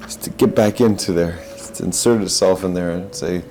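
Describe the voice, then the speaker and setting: A man's voice: deep voice, a little fast, dark tone, soft background music, rough recording. A man giving a reflective spiritual talk in an earnest, searching way, often repeating and restarting his phrases. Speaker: podcast host.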